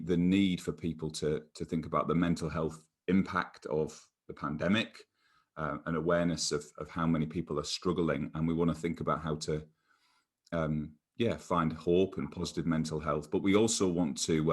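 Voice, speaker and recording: A man with a very low voice hosts an online church interview. He talks haltingly, with many ums and restarts. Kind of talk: interview hosting.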